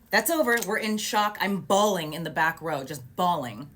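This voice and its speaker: A woman with a fairly low voice tells a story in lively vlog style. She sounds animated and indignant, with quick sarcastic asides between the details. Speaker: vlogger recounting a court case. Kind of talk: storytime narration.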